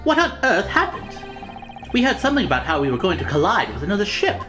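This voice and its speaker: A woman's voice: mid-range voice, wildly swooping pitch, fast, music in the background. A woman voicing an earnest, polite young female assistant.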